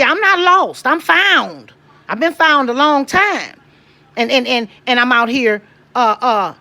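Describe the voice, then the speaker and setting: A middle-aged woman talks straight to her camera in a fairly high voice. She is emphatic and preachy, repeats herself for weight and sprinkles in praise interjections. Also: sharp tone. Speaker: vlogger. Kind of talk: casual monologue to camera.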